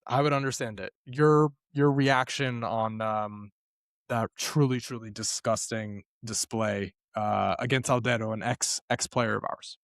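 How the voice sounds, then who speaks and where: A man hosting a casual podcast, measured and thoughtful, who leans on plenty of ums. His pitch sits in the middle, and the sound is dry and close to the mic. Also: fairly even intonation, creaky, dry recording. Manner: measured, thoughtful, many fillers. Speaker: podcast host.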